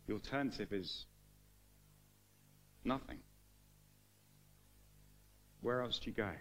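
In a church hall before a congregation, a man with a lowish voice preaches a sermon. He's earnest and emotional, building to fervent emphasis before dropping quiet.

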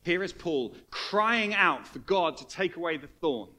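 A man preaching a sermon, his pitch leaping and dropping with lively energy. His voice sits a little high for a man, and he moves between hushed asides and loud, emphatic lines while acting out the people he quotes. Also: measured pace. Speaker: pastor.

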